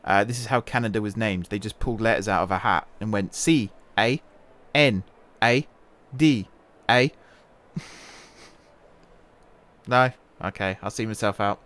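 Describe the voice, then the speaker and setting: A man's voice: lowish voice, steady tone, moderate pace, long pauses, fairly bright tone. A man hosting a gaming channel, chatting and joking to himself while commentating a racing game. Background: game music and engines.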